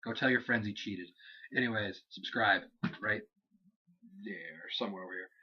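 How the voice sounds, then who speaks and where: A man's voice: lowish voice, normal speed, pushed and bright, breathy edge. A young man co-hosting a wrestling review show, casually rambling through recaps and acting out lines. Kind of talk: casual chat. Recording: dull lo-fi home recording.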